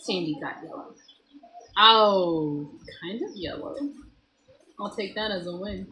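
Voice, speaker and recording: A woman hosting a casual morning live stream from her home kitchen, chatting loosely with viewers and greeting them by name, her voice a little hoarse. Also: mid-range voice, slow, pushed and bright, a little hiss or hum, rough recording.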